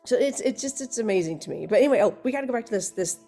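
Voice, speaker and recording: Rambling, animated woman co-host. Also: a little high, very fast, gravelly, soft background music. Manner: rambling, animated storytelling with restarts. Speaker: hypnosis practitioner and co-host. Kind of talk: candid chat.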